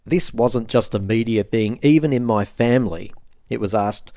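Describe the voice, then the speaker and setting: A man's voice: mid-range voice, normal speed, a little mellow, no echo. An Australian man hosting a podcast, giving a wry, chatty scripted monologue into a close mic. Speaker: podcast host.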